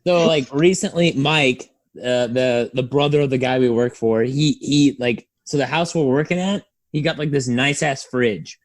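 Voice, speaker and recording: A man's voice: mid-range voice, moderate pace, hardly any pauses, dry recording. Casual swearing young man, dry sound. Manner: profane, laid-back, jumps in on stories. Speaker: podcast co-host. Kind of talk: casual storytelling chat.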